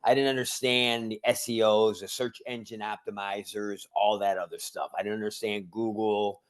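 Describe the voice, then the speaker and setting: A man's voice: on the low side, fairly even intonation, moderate pace, clean tone. A man who runs a martial arts school, telling rambling stories in a casual podcast chat. He often repeats words and acts out the conversations he describes. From Cleveland, Ohio area. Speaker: judo instructor. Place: remote call.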